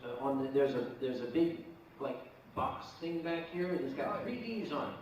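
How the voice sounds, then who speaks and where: Rambling man in an echoey crowded hall. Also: medium pitch. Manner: goofy, rambling, rushes his asides. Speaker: convention show co-host. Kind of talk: comedic banter on stage. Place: convention room with live audience. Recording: echoey hall, far-off dull mic, crowd.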